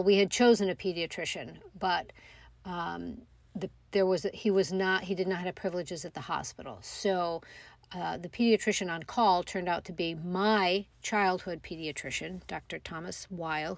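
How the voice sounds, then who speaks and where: A middle-aged woman telling a personal story in a reflective, halting way, with many pauses and fillers. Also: lowish voice, no echo. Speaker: mother telling her story.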